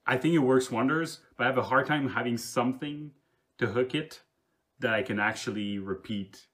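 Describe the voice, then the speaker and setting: A man who runs tabletop games, talking casually in a halting way with restarts and soft laughs. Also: mid-range voice. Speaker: game master. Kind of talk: casual podcast chat.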